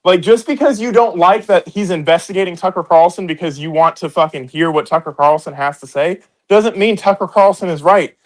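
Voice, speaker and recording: A man's voice: high voice, a little fast, few pauses, rough recording. A man co-hosting a heated political debate, combative and profane, often talking over the others. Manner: combative, swears a lot, talks over others. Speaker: podcast co-host.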